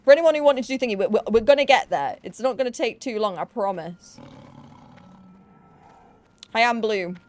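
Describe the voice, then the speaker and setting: A woman's voice: on the high side, animated, normal speed, pauses often. A young woman chatting casually on a live gaming stream, bubbly and self-mocking.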